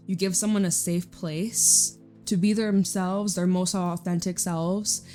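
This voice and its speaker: A woman's voice: fairly low pitch, steady tone, a little slow, mellow, soft background music. A young Canadian woman giving a casual, chatty tarot reading, stretching out emphatic phrases. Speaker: tarot reader. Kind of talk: intuitive tarot reading to camera.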